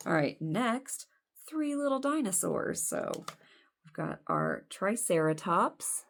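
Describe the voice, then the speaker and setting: A woman's voice: mid-range voice, sing-song, slow pace, gravelly. A woman in her forties chatting casually as she unboxes doll clothes, rambling and self-deprecating. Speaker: doll collector vlogger.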